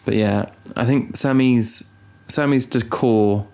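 A young man co-hosting a casual podcast, rambling and teasing with deadpan asides. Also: mid-range voice, slow, vocal fry. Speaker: podcast co-host. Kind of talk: casual chat.

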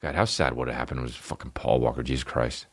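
Man, podcast host, very low voice, profane rambling rant, sudden high yelps, dry close sound. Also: fairly even intonation, fast talker, no echo. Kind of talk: casual comedic podcast rant.

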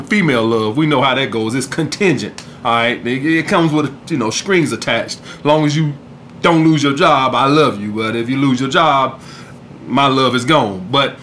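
A man's voice: fairly high pitch, a bit bright, slight background noise. A man hosting a podcast in a casual, profane monologue, peppering his talk with "all right?". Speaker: podcast host.

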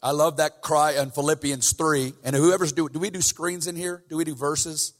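Man, preacher, sermon in church, slightly high voice, casual then fervent, long hall reverb. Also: fairly even intonation, normal speed. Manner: conversational, builds to fervent emphasis. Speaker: guest preacher. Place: church sanctuary.

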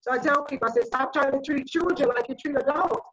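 A woman speaks as a panel guest sharing parenting views in a casual group discussion, her voice high and fast over background noise. She talks animatedly and acts out exchanges with children.

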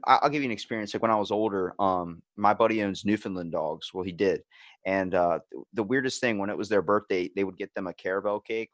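A man's voice: lowish voice, no room sound. A man hosting a podcast in casual chat, telling stories animatedly, acting out the people he quotes, and swearing casually. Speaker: podcast host.

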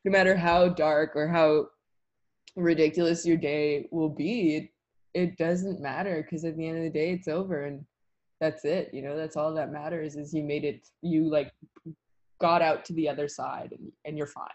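A woman's voice: deep voice, fairly even intonation, normal speed, a little mellow, muffled recording. Chatty young woman telling a story. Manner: chatty, lots of "like" fillers, laughs while telling. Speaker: guest, tree planter. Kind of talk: casual interview storytelling.

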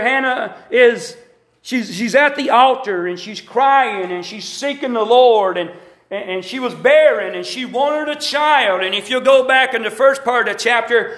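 A man's voice: extremely high pitch, a bit bright, roomy sound. A man preaching a sermon with emphatic repetition and calls to the congregation. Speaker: pastor. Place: church sanctuary.

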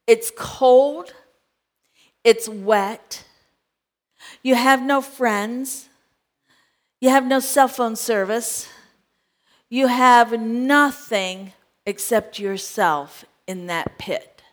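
Slow, high-voiced woman preaching. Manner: dramatic storytelling, acting out scripture characters; asks the congregation direct questions. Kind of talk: sermon.

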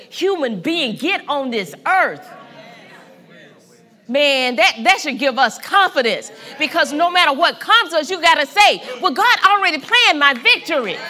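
A woman's voice: sits high, pushed and bright. A woman pastor preaching a sermon with fervent, emphatic delivery, repeating phrases and calling on the congregation to respond.

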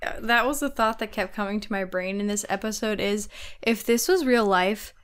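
A woman's voice: mid-range voice, moderate pace, clear, resonant tone. A woman co-hosting a podcast, chatting casually with enthusiasm and frequent giggles. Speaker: podcast co-host. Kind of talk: casual chat.

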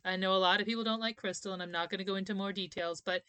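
A woman's voice: medium pitch, fairly even intonation, racing, a bit bright, clear, resonant tone, no echo. A woman in her thirties co-hosting a casual podcast chat, chatty and opinionated, laughing often. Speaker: podcast co-host.

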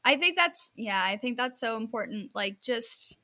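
A woman's voice: fairly high pitch, animated, moderate pace, sharp tone. A woman in her twenties, a podcast guest, chatting casually and speaking up emphatically in agreement. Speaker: guest, host's friend. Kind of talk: casual chat.

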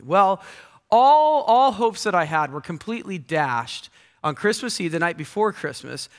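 High bright guy preaching, jokey storyteller, long echo in a big church hall. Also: very animated, normal speed. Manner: storytelling, playful and self-mocking. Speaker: pastor. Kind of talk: sermon.

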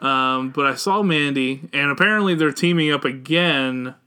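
A man chatting casually about movies as a podcast co-host, recapping scenes with halting restarts. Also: fairly high pitch, sharp tone, smooth. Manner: rambling, halting recaps with many uhs. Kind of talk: casual film chat.

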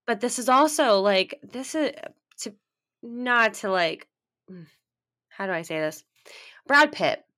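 A woman with a bright, forward voice co-hosting a relaxed chat about awards. She reads out lists of nominees, stumbling over names and filling pauses with ums and likes. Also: mid-range voice. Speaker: co-host. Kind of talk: casual film award chat.

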